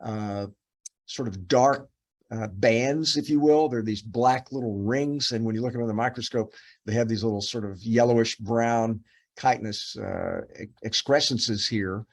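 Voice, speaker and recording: A man's voice: mid-range voice, measured pace. A middle-aged man, a dermatopathologist, reviewing cases with a resident, talking in a loose, rambling way with many fillers and restarts. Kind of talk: case review teaching.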